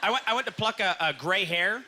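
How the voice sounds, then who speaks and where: A man's voice: fairly quick, noisy background. A man doing stand-up comedy, acting out voices as he tells stories. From Canada. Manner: animated, acts out voices with big pitch jumps. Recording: live club set with audience laughter.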